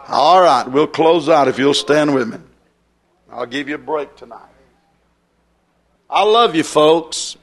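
A man's voice: on the high side, unhurried, gravelly, pauses often. A man preaching a fiery, folksy revival sermon.

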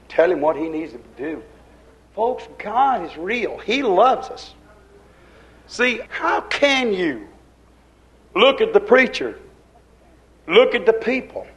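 An older preacher man delivering a fervent sermon. His voice sits fairly high, and he swings from loud, pushed lines to near-murmured asides. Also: rough recording. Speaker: pastor.

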